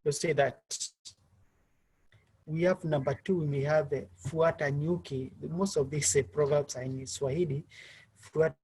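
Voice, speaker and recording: A man's voice: fairly high pitch, fairly even intonation, normal speed, darkish tone, slight background noise, rough recording. Male teacher on a video call. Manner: calls on students by name, asks questions. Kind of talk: online class lesson.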